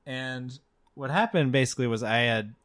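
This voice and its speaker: A man's voice: mid-range voice, moderate pace, fairly bright tone. A man with a mid-range voice speaks on a podcast with a wry, self-deprecating tone, laughing as he goes. The sound is close and dry, with no room echo. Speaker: podcast co-host. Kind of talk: casual chat, storytelling.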